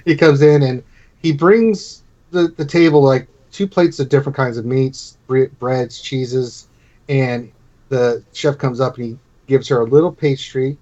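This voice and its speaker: A man's voice: medium pitch, a little slow, dark tone. A man narrating as game master of a tabletop game, casual and chuckling. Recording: dull lo-fi recording.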